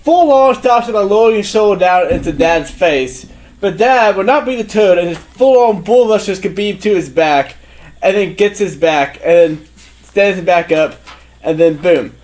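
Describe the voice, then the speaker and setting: A man with a notably high voice recounts a fight round by round on a podcast. His delivery is eager and rapid-fire, like casual play-by-play. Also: expressive, a little mellow. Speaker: podcast co-host.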